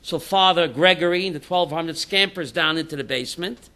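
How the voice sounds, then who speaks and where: Rabbi leading a class. Man, high and bright, animated storyteller who acts out his jokes. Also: a little fast, a little hiss or hum. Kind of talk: informal Torah class with jokes.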